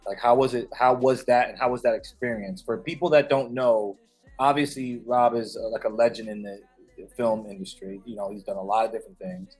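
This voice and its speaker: A male host in a casual sit-down, asking long, wandering questions at a normal pitch and nodding along with frequent yeahs. Faint music sits underneath. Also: fairly even intonation, a little fast, a little mellow, husky. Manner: affirming, laughs often, rambling questions. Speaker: interview host. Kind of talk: casual interview.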